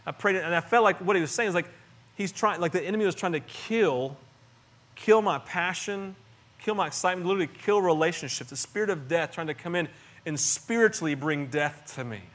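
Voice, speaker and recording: A middle-aged man delivering a sermon, his voice sitting somewhat high for a man. He speaks earnestly and conversationally, restarting phrases and moving between hushed and louder moments. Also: fairly quick. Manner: earnest and conversational, with frequent restarts and swings in loudness. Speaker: pastor.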